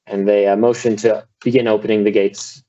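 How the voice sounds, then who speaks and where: A man's voice: on the low side, flat delivery, brisk, dark tone. A young man narrating a tabletop game as game master in a loose, filler-heavy way, heard through a dull lo-fi recording.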